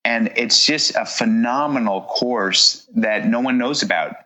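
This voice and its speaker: A man's voice: medium pitch, unhurried, sharp tone, rough recording. A man being interviewed as a guest, talking in an upbeat, enthusiastic way with frequent fillers. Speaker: guest runner. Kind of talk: casual interview chat.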